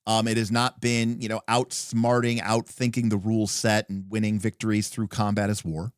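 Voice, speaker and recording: A man's voice: lowish voice, little pitch movement, moderate pace, clean tone, dry recording, clean studio sound. A man hosting a casual livestream, thinking aloud about a tabletop rulebook in a rambling way full of fillers. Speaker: stream host.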